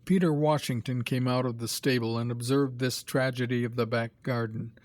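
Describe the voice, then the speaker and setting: Brief: male narrator for a graded reader, mid pitch, dry and close. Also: dry recording. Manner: measured, even storytelling.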